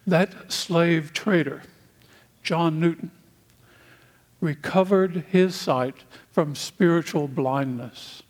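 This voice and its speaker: Slow, deliberate American preacher, man. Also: fairly high pitch. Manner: slow, deliberate delivery with long pauses. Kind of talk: sermon.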